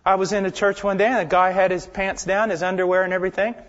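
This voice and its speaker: A man preaching a sermon with passion, swinging from loud, emphatic lines down to hushed near-whispers. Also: high voice, little pitch movement, fast talker. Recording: dull lo-fi sermon recording.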